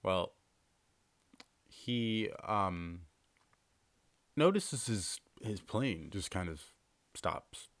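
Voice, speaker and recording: A man's voice: on the low side, lively intonation, very slow, long pauses, fairly bright tone, no echo. A man hosting a podcast, casually telling a long story with lots of fillers and restarts. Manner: rambling, filler-heavy, repeats himself. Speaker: podcast host.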